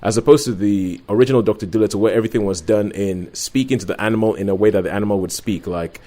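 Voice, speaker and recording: A man co-hosting a film podcast, setting up a movie in a chatty, joking way with quick asides. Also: on the low side, dark tone. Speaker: podcast co-host. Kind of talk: casual film review chat.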